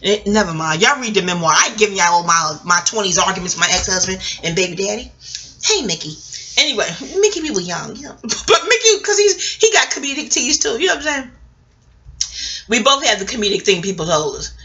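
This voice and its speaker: A woman's voice: mid-range voice, animated, brisk, pushed and bright, dull audio, slight background noise. A middle-aged woman vlogging in a casual, rambling way, digressing, laughing often and swearing freely.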